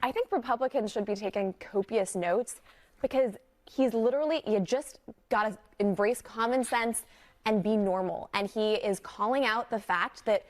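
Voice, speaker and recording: A woman's voice: medium pitch, moderate pace. Upbeat woman political commentator.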